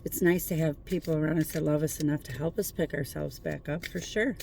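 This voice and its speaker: A tarot reader talks into a phone from a parked car at night in a gravelly, creaky voice. The talk is a casual spiritual pep talk, earnest and encouraging, but full of swearing and wisecracks. A faint hiss sits under the voice. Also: mid-range voice, fairly even intonation, brisk, darkish tone. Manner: profane, joking, earnest encouragement.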